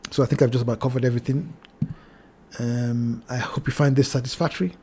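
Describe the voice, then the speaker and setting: A man hosting a trading channel, walking through price charts in a cautionary tone, repeating his warnings and addressing viewers as ladies and gentlemen. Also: medium pitch, little pitch movement, fast talker, slightly rough. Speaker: crypto trading channel host. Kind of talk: chart analysis talk.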